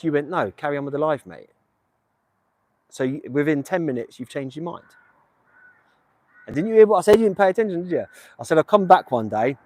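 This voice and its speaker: A man's voice: mid-range voice, darkish tone, dry recording. A man from England live-streaming outdoors on his phone, chatting casually with viewers in a rambling, jokey way. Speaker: livestream host visiting graves. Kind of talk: casual live stream chat reading comments. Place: outdoors, windy village. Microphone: phone held in hand.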